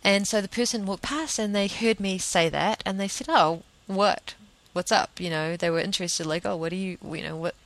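A woman's voice: mid-range voice, fairly even intonation, a little fast, hardly any pauses, dry recording, poor audio. A woman telling a personal story in a chatty, rambling way, full of restarts and fillers. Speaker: vegan advocate telling a story. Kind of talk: casual monologue, anecdote.

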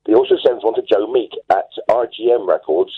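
A man's voice: on the low side, brisk. A man calling into a radio show, enthusiastically telling a long rambling story. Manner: enthusiastic, rambling, self-assured. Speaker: caller. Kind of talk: phone-in storytelling. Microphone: telephone. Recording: tinny husky phone line.

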